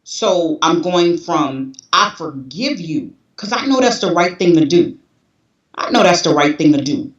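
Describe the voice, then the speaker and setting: A woman's voice: fairly low pitch, animated, moderate pace. A woman in her forties giving a candid, emotional personal testimony, restless and repeating herself as she talks. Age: 40s. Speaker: guest. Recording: roomy, distant, dull sound.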